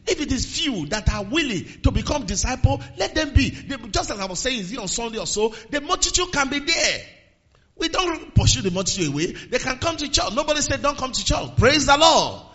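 A man preaching a sermon, swinging from low murmurs to raised exhortations and quoting scripture in old-fashioned phrasing. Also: a bit bright, dull audio. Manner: quotes scripture in King James phrasing.

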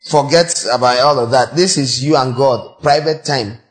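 Male preacher, sermon, exhorting, mid-pitched, cracks on high notes. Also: normal speed, faint music behind. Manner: exhorting, breaks into high sung demonstrations. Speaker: pastor.

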